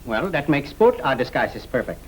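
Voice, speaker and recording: A wisecracking con man in a clergyman's disguise, played by a man, talks in slangy patter full of "uh"s and stammers. His voice jumps up and down lively in a middle register, with a faint hiss behind it. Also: medium pitch, normal speed, lightly acted, low-quality recording. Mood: scheming, jokey. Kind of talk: 1930s screwball film comedy.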